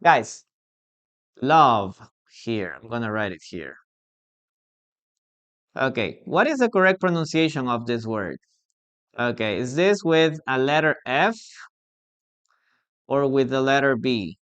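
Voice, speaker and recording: English teacher, live online class, talks real slow, drills words over and over. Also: medium pitch, very animated, fairly bright tone, dull audio. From Peru. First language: Spanish. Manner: repetitive, drills pronunciation, asks the class questions.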